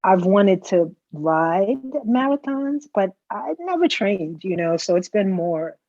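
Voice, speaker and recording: A woman's voice: mid-range voice, big pitch swings, slow pace, dark tone, dry recording. Chatty middle-aged New woman on a dull call. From the Bronx, New York. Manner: chatty storyteller, tags lines with "right?". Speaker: customer guest. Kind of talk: casual chat. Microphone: video call. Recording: dull lo-fi video call audio.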